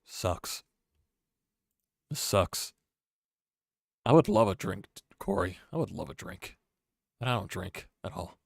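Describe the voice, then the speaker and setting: A man ranting about his team on a live stream, swinging between loud outbursts and low muttering. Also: sing-song, moderate pace, creaky, husky, no echo, clean studio sound. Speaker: sports fan streamer. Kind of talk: live-stream sports rant.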